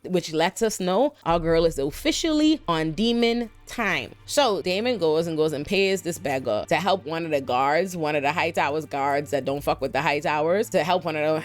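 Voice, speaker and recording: Animated slangy woman recapping TV. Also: low-pitched. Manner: animated, emphatic, slangy storytelling with exclamations. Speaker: TV recap host. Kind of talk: casual TV episode breakdown.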